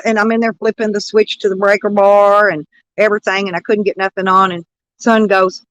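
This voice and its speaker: A woman's voice: mid-range voice, flat delivery, a little fast, fairly bright tone, no echo. A woman chatting casually on a live stream, rambling and greeting viewers by name. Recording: dull dry lo-fi sound.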